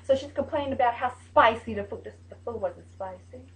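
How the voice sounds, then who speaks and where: A mother hosts a casual vlog in a high voice, chatting straight to her viewers. She talks in an emphatic, scolding way, leaning hard on her punchlines. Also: fairly quick.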